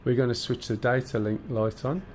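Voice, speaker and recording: Over slight background noise, a man streaming live chats with viewers and explains the cockpit start-up sequence, bantering as he goes. His mid-range voice is steady and darkish, fairly quick, with a Black Country English accent from the English Midlands.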